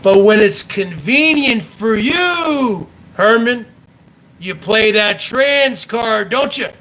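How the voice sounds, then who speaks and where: A man's voice: high-pitched, lively intonation, slow pace, bright, forceful tone, poor audio. A man hosting a livestream, delivering an angry, profane and sarcastic rant at another streamer. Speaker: host. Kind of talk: ranting livestream commentary.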